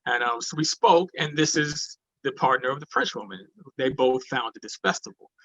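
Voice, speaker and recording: A man giving a spiritual talk, telling a personal story in an animated way and acting out the voices of people in it. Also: mid-range voice, normal speed, no echo, low-quality recording. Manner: animated, acts out quoted voices. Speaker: speaker at a spiritual gathering.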